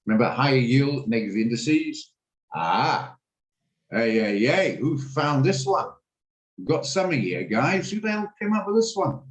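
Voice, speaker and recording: A man's voice: medium pitch, big pitch swings, moderate pace, roomy sound, rough recording. Chatty man on a trading call. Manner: chatty, thinking aloud while trading. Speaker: trading room host. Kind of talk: live trading commentary. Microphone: video call.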